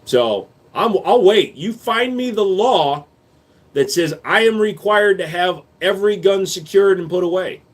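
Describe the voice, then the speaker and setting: Male streamer taking chat questions: blunt, profane, bantering, quick with answers, sarcastic when pushed. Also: high-pitched, lively intonation. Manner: reads viewer questions aloud, then answers quickly; turns loud and sarcastic when arguing. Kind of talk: casual live-stream chat.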